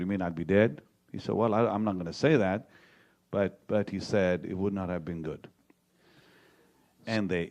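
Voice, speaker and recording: An older man, a televangelist, tells a personal story in a halting way, repeating words and acting out what others said to him. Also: on the low side, darkish tone. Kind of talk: personal testimony to an audience.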